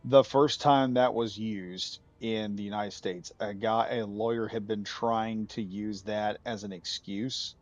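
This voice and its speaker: Low-voiced man telling a story casually. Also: unhurried, hardly any pauses. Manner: relaxed storyteller, laughs readily. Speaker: gaming channel host. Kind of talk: casual chat while playing.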